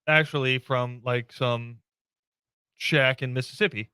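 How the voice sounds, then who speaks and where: A man's voice: mid-range voice, fairly even intonation, unhurried, pushed and bright, clean tone, dry recording. A man hosting a sports podcast in casual, joking banter with his co-host.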